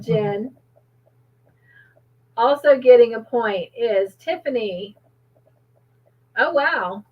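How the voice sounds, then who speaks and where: Slow, high-voiced woman hosting trivia. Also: highs cut off. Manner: cheerful, reads out viewers' comments and laughs often. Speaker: trivia game host.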